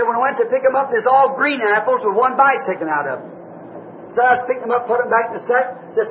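Man preaching, very high voice, rambling dream retelling, tinny phone-like old tape. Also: slight background noise. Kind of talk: sermon storytelling.

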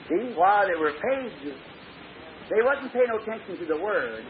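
A man with a high voice delivers a folksy storytelling sermon, speaking plainly and colloquially. The recording is old and thin, narrow like a telephone line. A faint hiss runs underneath. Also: animated, moderate pace, roomy sound. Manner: plain-spoken, colloquial, acts out dialogue. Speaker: preacher.

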